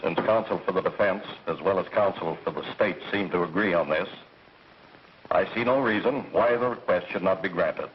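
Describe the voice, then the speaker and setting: An actor playing a stern judge who delivers a ruling in a formal, measured way, in 1930s film acting, recorded as dull and hissy 1930s film sound. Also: male voice, low voice, husky.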